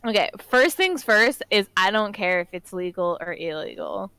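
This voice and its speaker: Ranting young woman, smooth clear voice. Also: mid-range voice, moderate pace, no room sound. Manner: frequent laughter, animated ranting. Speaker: podcast co-host. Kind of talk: casual chat and ranting commentary.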